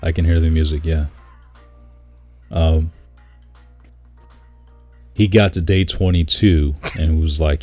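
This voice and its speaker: Man, extremely low voice, dry close sound, animated casual storyteller who swears freely. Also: slow, long pauses, no room sound, faint music behind. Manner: animated storyteller, swears, mimics people in high voice. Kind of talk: casual chat.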